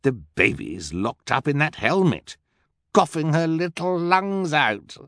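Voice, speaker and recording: A man voicing a scheming, vain male villain in a gruff, gloating voice. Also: fairly high pitch, sing-song, slow, a bit bright, dry recording, clean studio sound, pitched above the performer's own voice, heavily acted. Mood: scornful.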